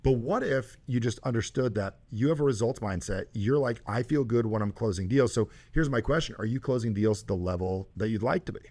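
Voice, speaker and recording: Man, host coaching a caller, emphatic, loud bursts, mid pitch. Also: brisk, few pauses.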